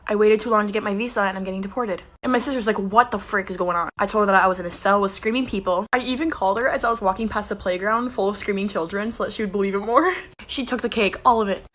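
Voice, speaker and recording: A woman's voice: medium pitch, fairly even intonation, rapid-fire, a bit bright. A young woman telling a mischievous comic story, giggling often.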